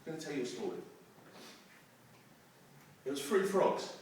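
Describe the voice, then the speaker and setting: A man's voice: a little high, normal speed, slight background noise. A man giving a motivational talk to young people, telling stories and acting out the crowd's voices, heard in a hall. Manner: storytelling, animated, acts out crowd voices. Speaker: motivational speaker. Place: youth centre hall. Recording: distant mic in an echoey room.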